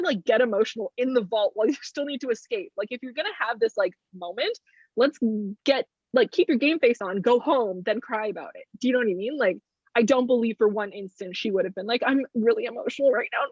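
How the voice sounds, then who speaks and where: Husky, animated young woman. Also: fairly high pitch, no echo. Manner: animated, sarcastic, acts out characters' lines. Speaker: movie review host. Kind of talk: casual chat. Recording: dull lo-fi recording.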